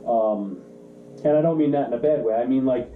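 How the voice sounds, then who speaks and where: A man's voice: medium pitch, fairly quick, a little hiss or hum. A man co-hosting a podcast, chatting casually and acting out quotes as he tells stories. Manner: animated storyteller, acts out quotes. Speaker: podcast co-host, car shop owner. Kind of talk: casual chat, storytelling. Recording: roomy, slightly dull sound.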